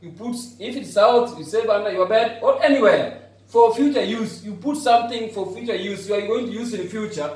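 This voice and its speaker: A man teaching English vocabulary to a class, patiently repeating each phrase slowly to drive it home. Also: sits high, darkish tone. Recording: very echoey room, voice far off.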